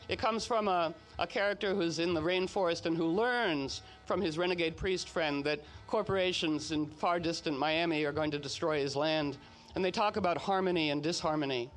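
Male host, animated storyteller, high voice, chatty asides. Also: moderate pace, faint music behind. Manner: chatty, animated, frequent "you know" asides. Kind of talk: casual spoken storytelling talk.

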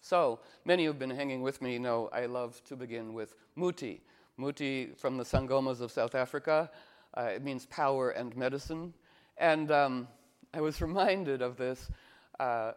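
A man's voice: mid-range voice, normal speed, clear, resonant tone. A man giving an informal spiritual talk as a teacher, telling playful stories and acting out the voices of people he quotes.

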